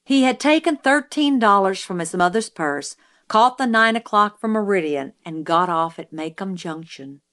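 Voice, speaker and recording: The audiobook narrator reads her novel in a measured storytelling manner, using a mid-range, slightly bright voice with lively intonation.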